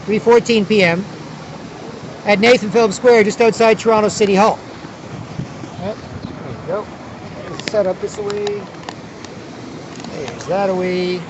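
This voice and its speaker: High-voiced man rambling outdoors. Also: a little slow, pauses often, slight background noise, rough recording. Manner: rambling and repetitive, with many restarts. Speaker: vlogger. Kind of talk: casual outdoor monologue. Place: outdoors at a big city square by the water.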